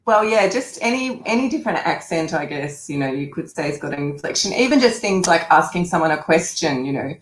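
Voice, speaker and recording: A woman's voice: sits low, animated, fairly quick, hardly any pauses, slight background noise. Laughing Australian woman in an echoey room. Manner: jokey, laughs between remarks. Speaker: guest, speech pathologist and comedian. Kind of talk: casual chat.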